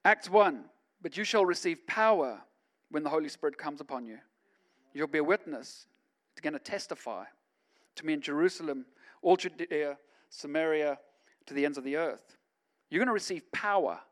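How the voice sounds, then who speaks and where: A man, a pastor, preaching a sermon in a conversational way that swings from quiet asides to loud, emphatic stretches. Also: fairly high pitch.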